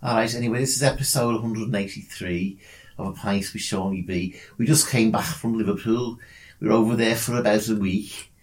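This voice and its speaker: A man's voice: on the low side, steady tone, a little fast. Rambling, jokey man co-hosting a podcast. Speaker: podcast co-host. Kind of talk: casual banter over drinks.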